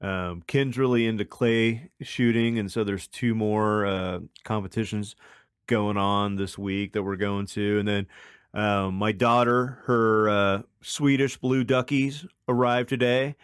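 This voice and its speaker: A man with a smooth, slightly low voice recorded close and dry. He rambles through everyday stories on a podcast he co-hosts, with lots of filler words. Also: steady tone, a little slow, dry recording. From Kansas. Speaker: podcast co-host. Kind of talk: casual chat.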